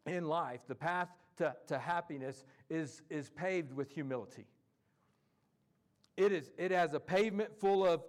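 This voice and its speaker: A male pastor preaching a sermon in an animated, folksy way, acting out quotes. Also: a little high.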